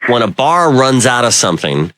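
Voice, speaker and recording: Male talk radio host, mid pitch, dry studio sound, loose anecdotal delivery. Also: very animated, normal speed, fairly bright tone, no echo. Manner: rambling, anecdotal, many "you know" fillers. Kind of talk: casual radio chat. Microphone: studio microphone.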